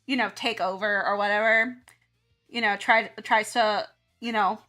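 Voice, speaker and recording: A woman's voice: mid-range voice, fairly even intonation, a little slow, bright, forceful tone. A woman from the South, chatting casually on stream, rambling and laughing often as she acts out her own reactions. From American South. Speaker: art streamer and teacher. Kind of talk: casual chat while drawing on stream.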